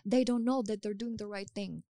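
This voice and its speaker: A woman with a German accent who works as a hypnotist, leading a slow, soothing, repetitive guided hypnosis and then chatting emphatically about it. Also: mid-range voice, mellow, no echo. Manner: emphatic and upbeat when chatting. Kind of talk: guided hypnosis session, then casual chat.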